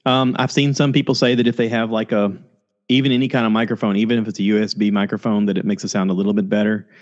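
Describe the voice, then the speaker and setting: A man's voice: fast talker, muffled recording. A man hosting a podcast over a video call, rambling casually and acting out quotes. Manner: rambling, animated, acts out quotes in a high voice. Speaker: podcast host. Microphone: laptop or USB mic with headphones, video call.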